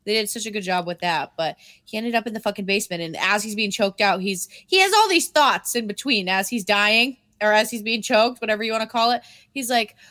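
A woman's voice: mid-range voice, brisk. A woman co-hosting a podcast, chatting casually and retelling scenes with lots of swearing. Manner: animated storytelling, swears freely, acts out quotes. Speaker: podcast co-host. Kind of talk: casual chat recapping an anime.

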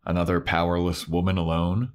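Low-voiced male co-host, casual, narrates plot beats in a laid-back way. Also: monotone, a little fast. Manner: storytelling, retells scenes with acted quotes. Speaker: podcast co-host. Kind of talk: casual chat recapping a TV episode.

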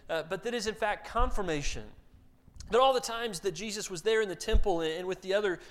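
A man delivers a sermon in a relaxed, conversational way, with a voice that sits a little high for a man. He often restarts his sentences by repeating a word and shifts into acted voices for the lines he quotes. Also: brisk. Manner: conversational, repeats words when starting sentences; acts out quoted voices for emphasis. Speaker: pastor.

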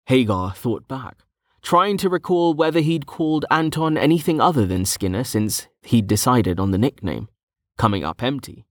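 A man narrating a fantasy story in a steady, scripted storytelling manner. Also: medium pitch, normal speed, no room sound, studio quality. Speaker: audiobook narrator.

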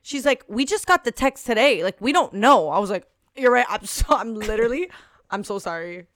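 A woman in her twenties, co-hosting a podcast, tells a story in a lively, casual way. She laughs often and swears freely. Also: on the high side, a little fast, dry recording. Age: 20s. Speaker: podcast co-host. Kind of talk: casual chat.

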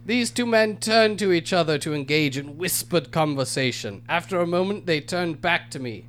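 A man reading a comic, over-formal letter aloud as a podcast host. His voice sits a touch high, and he draws out the grand phrasing. Faint noise hums under the recording. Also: expressive, normal speed, fairly bright tone. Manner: pompous, theatrical narration, breaking into laughs.

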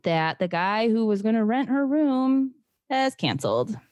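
Woman co-host, sarcastic and profane, lively pitch, dry recording. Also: a little slow, no room sound. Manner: sarcastic, swears, acts out characters' lines. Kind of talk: casual chat recapping a movie.

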